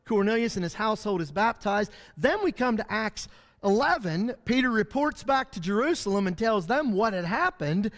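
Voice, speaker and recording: A man's voice: high voice, lively intonation, normal speed, long reverb tail. A man teaching a Bible study lesson in a church, talking animatedly and acting out the voices of the people he describes. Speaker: preacher.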